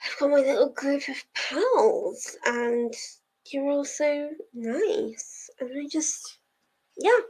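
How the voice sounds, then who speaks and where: On a rough recording, a young woman hosting reading sprints on a livestream talks casually with her viewers, laughing often and sometimes tearing up. She takes things slowly, her high, darkish voice carrying lively intonation.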